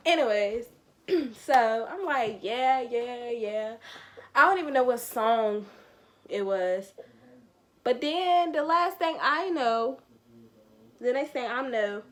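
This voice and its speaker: A young woman, telling a slangy, animated storytime with quoted asides in a casual vlog. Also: fairly high pitch, slow pace, long pauses. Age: young adult. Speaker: vlogger.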